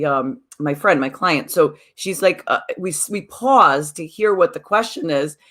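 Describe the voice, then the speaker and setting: Her voice is medium-pitched with a fairly bright tone. A podcast co-host who also teaches mindfulness workshops, she casually tells a story while impersonating the people she quotes.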